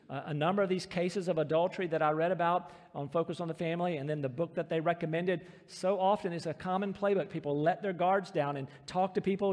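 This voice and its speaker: A man's voice: sits high, long reverb tail. A middle-aged man, a pastor, preaching a sermon in a church sanctuary in an earnest, emphatic way.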